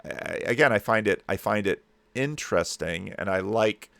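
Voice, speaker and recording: A man's voice: on the low side, moderate pace, gravelly, fairly bright tone, no room sound. A man hosting a commentary, reacting to a lecture clip in a musing, digressive way with many restarts. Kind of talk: casual spoken commentary.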